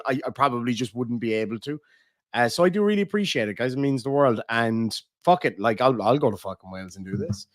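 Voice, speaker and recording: A man's voice: mid-range voice, no echo, studio quality. A man with an Irish accent hosting a casual live stream, reading out viewer messages and ranting with lots of swearing. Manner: profane, ranting, reads viewer messages aloud.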